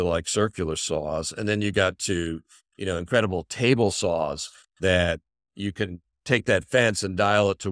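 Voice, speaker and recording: A middle-aged physician guest telling an animated story in a conversational interview, acting out the people he quotes. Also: deep voice, no echo, clean studio sound. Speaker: physician and company founder, podcast guest.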